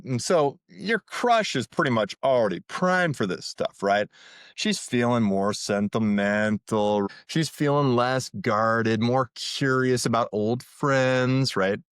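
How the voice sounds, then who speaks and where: Male podcast host, dating coach, low and animated, chatty and persuasive, dry studio sound. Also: no echo. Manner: hypes listeners, asks "right?" constantly; acts out sample lines in a livelier voice. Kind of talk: casual coaching monologue.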